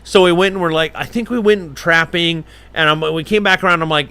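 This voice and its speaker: A middle-aged man telling a story to a live-stream audience, animated and acting out the voices of the people in it. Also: fairly high pitch, fairly quick, smooth. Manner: animated, acts out voices in his stories. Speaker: falconer hosting a live stream. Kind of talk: casual storytelling.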